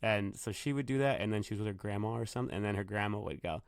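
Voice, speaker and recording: A man's voice: lowish voice, racing, smooth, dry recording, clean studio sound. Man telling profane stories on his podcast. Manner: profane, rambling storyteller. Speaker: podcast host, bartender. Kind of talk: casual solo podcast monologue. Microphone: computer microphone.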